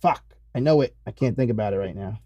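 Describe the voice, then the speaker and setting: A man's voice: on the low side, lively intonation, lo-fi sound, crowd noise. Rambling, profane man co-hosting a podcast. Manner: rambling, profane, quick to laugh. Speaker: podcast co-host. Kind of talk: casual chat.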